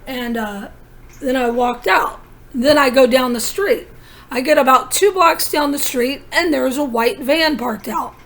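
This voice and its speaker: A woman's voice: high-pitched, a little slow, a bit bright. A woman vlogging in a rambling personal monologue, telling her story in an urgent, conspiratorial way with many asides.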